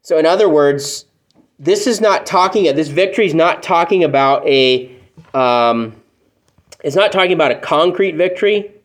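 A man's voice: fairly high pitch, moderate pace. A man preaching a sermon to a room of people, talking to them plainly and often asking them rhetorical questions. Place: church room with congregation.

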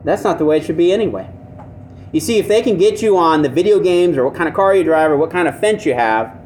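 Male pastor, fairly high voice, conversational sermon, rhetorical questions, repeats phrases for emphasis. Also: expressive, fast talker, a little mellow, slight background noise. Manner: asks the listeners frequent rhetorical questions.

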